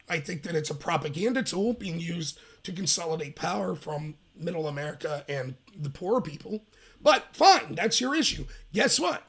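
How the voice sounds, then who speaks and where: Man, high voice, husky, emphatic political commentary host, rambling livestream rant. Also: fairly bright tone. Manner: emphatic, rambling, acts out mocking quotes.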